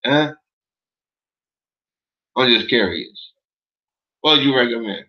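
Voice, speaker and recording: A man's voice: medium pitch, lively intonation, slow pace. Rambling, profane man on a lo-fi stream. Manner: rambling, profane, streetwise slang. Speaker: livestream host reading viewer chat. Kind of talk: casual unscripted chat. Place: indoors in Los Angeles. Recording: dull lo-fi stream audio.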